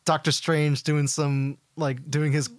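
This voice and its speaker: Guy on a podcast, laughs a lot, gets worked up, pretty high voice, dry sound. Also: slow pace, no room sound. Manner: excitable, laughing, trailing off. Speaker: podcast co-host. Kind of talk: casual movie chat.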